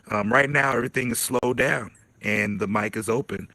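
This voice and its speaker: A man's voice: fairly low pitch, steady tone, measured pace, vocal fry, sharp tone, no room sound. A man hosting a live virtual event, laid-back and laughing often. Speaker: host.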